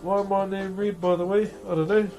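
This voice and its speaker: A man's voice: high voice, level tone, moderate pace, darkish tone, soft background music. A young man with a New Zealand accent chatting casually while streaming, joking, swearing and laughing often as he carves wood. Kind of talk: casual live-stream chat.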